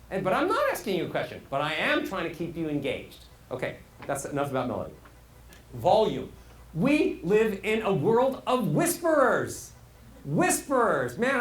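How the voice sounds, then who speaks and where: A middle-aged man teaching as a voice coach, animated and swinging his pitch widely to make his points. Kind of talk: speaking lesson. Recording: roomy sound with faint hiss.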